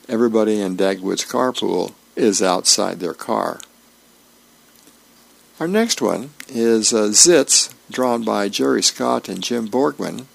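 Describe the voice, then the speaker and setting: Volunteer male reader, low, gravelly, easygoing, reads comics aloud. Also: dry recording. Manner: folksy, unhurried reading with small slips. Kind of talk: reading newspaper comics aloud.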